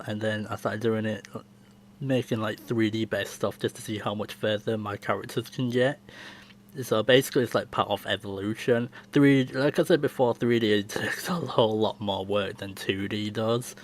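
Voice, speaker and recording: A man's voice: lowish voice, slight background noise. A young man casually answering viewer questions on his channel, talking in a chatty, rambling way and often laughing. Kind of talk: casual Q&A chat.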